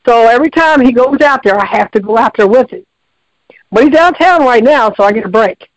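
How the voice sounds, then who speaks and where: High-voiced man rambling on a call-in. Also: lively intonation, brisk, no echo, lo-fi sound. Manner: folksy, repetitive, lots of restarts. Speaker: radio show caller. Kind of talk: rambling casual storytelling.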